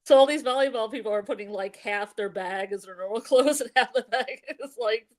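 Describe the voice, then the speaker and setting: A woman's voice: a little high, a little fast. A woman in a friendly casual chat, asking questions and laughing easily.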